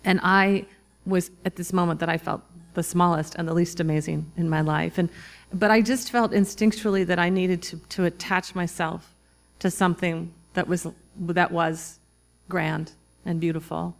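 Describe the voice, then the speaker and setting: A woman in her forties speaks to a live audience in a slightly low voice with a gravelly edge. She tells her story reflectively, in halting phrases that often restart. The room sounds like a talk in front of listeners. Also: fairly even intonation. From Minnesota, US. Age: 40s. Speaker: author giving a talk.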